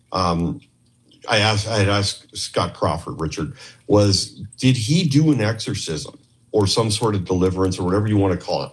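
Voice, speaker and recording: A man from Canada telling a story in a casual interview, rambling and acting out the dialogue he had with others. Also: lowish voice. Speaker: podcast guest, former investigator.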